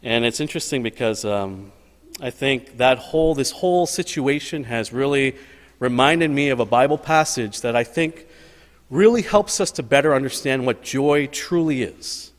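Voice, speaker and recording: A male pastor speaks in an earnest, personal way, repeating phrases for emphasis. His voice sits at an ordinary middle pitch. It carries a long reverb from a church sanctuary. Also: animated, normal speed. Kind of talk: sermon.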